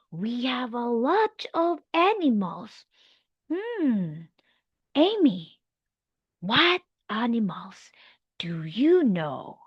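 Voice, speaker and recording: A woman teaching English to a young child in a demo lesson, slow, animated and encouraging, with animal sounds. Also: mid-range voice, no room sound, highs cut off.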